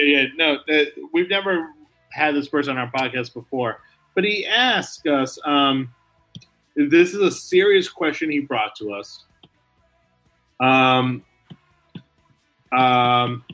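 Male podcast co-host, slightly high and bright-toned, excitable, laughs a lot. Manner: excitable, laughs often, quick asides. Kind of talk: casual podcast chat about wrestling.

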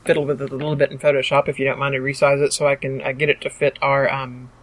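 A young podcast co-host wrapping up an episode in casual chat. They talk in stops and starts, leaning on lots of fillers along the way, with a voice pitched around the middle. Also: flat delivery, fast talker. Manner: hesitant, many fillers.

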